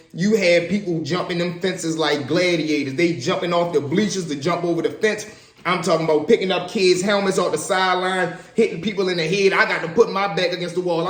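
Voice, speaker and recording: A man telling stories from his own life in a casual, animated way, acting out the voices of the people in them. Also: high voice, reverberant. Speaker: storyteller. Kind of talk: casual spoken storytelling.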